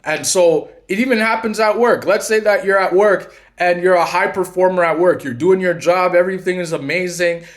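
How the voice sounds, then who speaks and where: Guy rambling on his channel, kinda high voice, lots of "you know", keeps restarting. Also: moderate pace, hardly any pauses. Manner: acts out quoted lines in his telling. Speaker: channel host and coach. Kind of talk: casual monologue.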